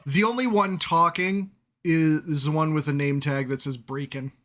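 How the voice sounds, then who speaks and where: Bright-voiced man running a tabletop game. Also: on the high side, steady tone, normal speed, slight background noise. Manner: chatty, laughs often while narrating. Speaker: game master.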